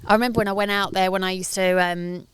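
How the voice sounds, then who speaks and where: A woman's voice: medium pitch, steady tone, fast, smooth. A woman co-hosting a casual podcast, chatty and rambling, recorded outdoors in a garden. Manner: chatty, rambling with many fillers. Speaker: podcast co-host. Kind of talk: casual chat.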